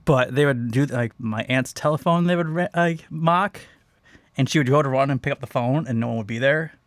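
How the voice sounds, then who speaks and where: A man's voice: mid-range voice, a little fast, no echo. A man co-hosting a live podcast, chatting casually, telling stories and reading news, laughing often. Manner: laughs often, animated storytelling. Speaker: podcast co-host.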